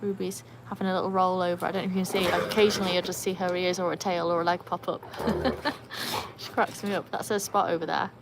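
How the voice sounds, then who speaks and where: A British woman with a lowish, flat voice and vocal fry talks quickly while hosting a casual livestream outdoors by a pool. She chats with viewers, reads out their comments and coaxes her dogs. The recording is very noisy, with splashing and barking dogs in the background.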